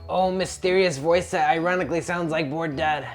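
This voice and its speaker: A woman's voice: low-pitched, normal speed, soft background music, natural voice. A woman voicing a bossy, argumentative puppet in a comedy skit, dramatic and sarcastic.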